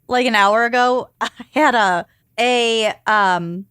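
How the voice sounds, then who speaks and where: A woman's voice: a little high, slow, a bit bright, smooth, no echo. Giggly woman telling a story, dry sound. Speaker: podcast co-host. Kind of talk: casual chat, storytelling.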